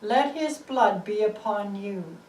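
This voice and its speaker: A woman voicing a troubled governor who makes slow, measured pronouncements, in a roomy space recorded from a distance. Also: medium pitch, lively intonation, darkish tone. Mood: grave. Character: troubled Roman governor, stern man. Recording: roomy, distant mic, faint ambience.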